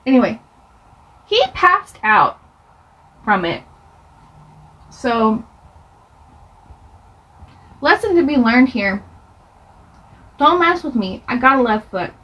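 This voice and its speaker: A woman's voice: on the high side, very animated, slow, long pauses, muffled recording. A young woman chatting through a get-ready-with-me storytime as she does her makeup, rambling with laughs and asides. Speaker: beauty vlogger.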